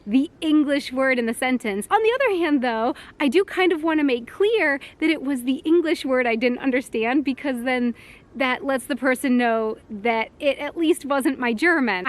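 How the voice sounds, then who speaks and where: A young woman talks to a handheld camera out in public, chatty and quick to laugh. Her voice sits fairly high and bright, a touch self-conscious. Casual vlog talk. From United States. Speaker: vlogger. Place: outdoors in public.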